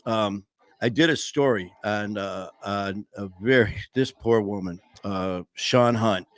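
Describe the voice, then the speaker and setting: A man's voice: on the low side, slow pace, fairly bright tone, no echo. A man hosting a casual online talk show, talking loosely with many restarts. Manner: rambling, with many fillers and restarts. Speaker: host. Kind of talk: casual chat.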